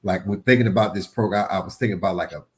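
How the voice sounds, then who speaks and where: A man's voice: deep voice, very fast. A man, a guest pastor, talking casually about marriage, often restarting words and acting out little quotes. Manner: animated, repeats words, acts out quotes.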